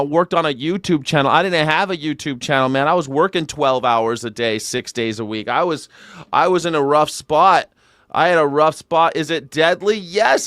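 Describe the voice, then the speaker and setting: A man's voice: fairly high pitch, fairly bright tone, clean tone, no room sound, clean studio sound. Sarcastic, joking young man. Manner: sarcastic, joking, swears freely. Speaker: news reaction show host. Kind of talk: comedic news reaction commentary.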